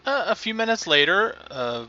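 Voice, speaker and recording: A man's voice: sits high, sing-song, moderate pace, pushed and bright, highs cut off, faint music behind. A man narrating a tabletop game as game master, talking loosely and hesitantly with fillers.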